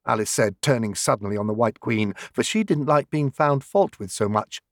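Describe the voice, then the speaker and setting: Expressive male storybook narrator, gravelly. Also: medium pitch, moderate pace, few pauses, no room sound, studio quality. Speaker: volunteer reader. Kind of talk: audiobook narration.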